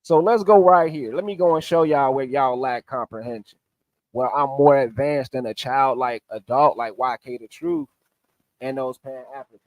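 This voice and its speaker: A man's voice: mid-range voice, normal speed, no echo. Emphatic man, dry close mic. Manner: animated, emphatic, argumentative, talks through on-screen sources. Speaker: online debater recapping a debate. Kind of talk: livestream recap.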